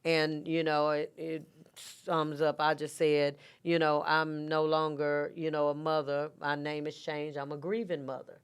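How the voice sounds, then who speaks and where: Guest voice: middle-aged woman, reflective, lower register, smooth and clear. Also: level tone, measured pace. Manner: soft-spoken, reflective storytelling with many fillers. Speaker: podcast guest. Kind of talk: casual interview talk.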